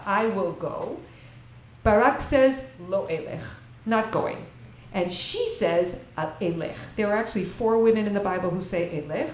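A woman's voice: medium pitch, a little mellow. A woman teaching a Bible class to an audience, asking them questions and reading verses in Hebrew before translating them. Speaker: lecturer. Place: lecture room with an audience. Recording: echoey room with faint ambient noise.

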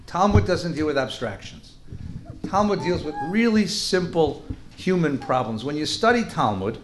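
Animated, joking male rabbi lecturing. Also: fairly high pitch, moderate pace, echoey room, slight background noise. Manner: animated, joking, drops Yiddish words. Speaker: rabbi teaching a class. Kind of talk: lively lecture to a live class.

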